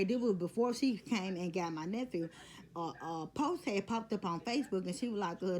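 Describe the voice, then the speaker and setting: Casting note: woman, mid-pitched voice, blunt storytime vlogger who swears often. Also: a little mellow. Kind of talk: casual storytime.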